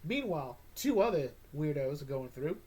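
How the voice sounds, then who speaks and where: A man's voice: a little high, sing-song, moderate pace, warm tone, slightly rough. A man hosting a casual comic book recap, rambling and joking with sarcastic asides. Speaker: comic book podcast host.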